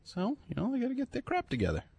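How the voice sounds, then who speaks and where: A man's voice: very high-pitched, huge pitch swings, very fast, vocal fry, a little mellow, slightly rough. A man co-hosting a sports talk show, teasing his colleague in casual chat. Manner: teasing, wry. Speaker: co-host.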